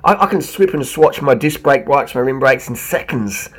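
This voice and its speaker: A man rants through a reaction video in an animated, sarcastic way. His voice is husky and rough-edged, pitched in a middle range. He talks like a shop owner lecturing his customers. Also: moderate pace. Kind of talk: reaction commentary.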